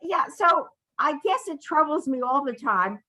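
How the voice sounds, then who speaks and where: Woman, class participant, questioning, high, bright tone. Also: expressive, normal speed, rough recording. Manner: questioning, thinking aloud.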